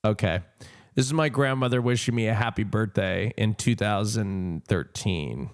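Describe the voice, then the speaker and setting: A man's voice: on the low side, normal speed. A man in his thirties telling a personal story on a stream. He rambles with many fillers, laughs and swears. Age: 30s.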